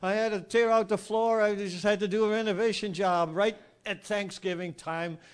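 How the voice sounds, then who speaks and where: Man, very high-pitched voice, preacher, informal sermon, animated, rhetorical questions. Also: normal speed, clear, resonant tone. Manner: animated, rhetorical asides, chuckles often.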